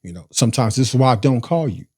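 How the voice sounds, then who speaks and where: A man talks through his life story in a loose, streetwise way, cursing freely and checking in with "you feel me?" His voice is mid-pitched and mellow. The sound is dry and close, with no room echo. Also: lively intonation, fast talker, breathy edge. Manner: profane, streetwise, keeps asking "you feel me?"; breaks into laughter. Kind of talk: casual storytelling monologue.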